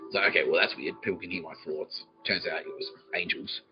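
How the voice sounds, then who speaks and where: A man's voice: deep voice, steady tone, fast talker, dull audio, music in the background. A man with an Australian accent hosting a podcast, telling a rambling comic story full of swearing and laughter, slipping into quoted voices. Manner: profane, laughing, jumps between quoted voices. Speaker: podcast host.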